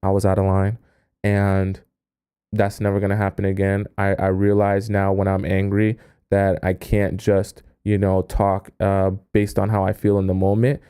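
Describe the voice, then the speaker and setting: Lowered, quiet boyfriend apologizing, voiced by a male host, with a dark tone. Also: completely flat delivery, smooth, no room sound, studio quality, close to an everyday voice. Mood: remorseful. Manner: slow, subdued and apologetic. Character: remorseful boyfriend apologizing, young man.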